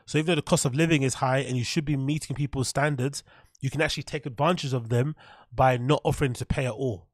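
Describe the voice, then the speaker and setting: A man's voice: medium pitch, fairly even intonation, fast, dry recording. Male podcast host, sarcastic, blunt, swearing, dry close sound. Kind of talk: casual rant reacting to a clip.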